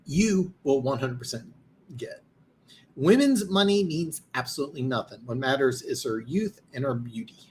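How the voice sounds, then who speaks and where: A man's voice: medium pitch, expressive, moderate pace, a little mellow, slight background noise. Tired, rambling male live-stream host. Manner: rambling, boastful, many restarts. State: tired, losing his voice. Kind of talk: live-stream football talk, reading comments.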